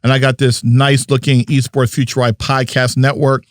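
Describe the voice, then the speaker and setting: A man's voice: medium pitch, flat delivery, normal speed, dry recording, studio quality. A man from New Jersey hosting a podcast in a playful, chatty manner, hyping up his guests. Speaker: podcast host. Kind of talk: casual podcast chat.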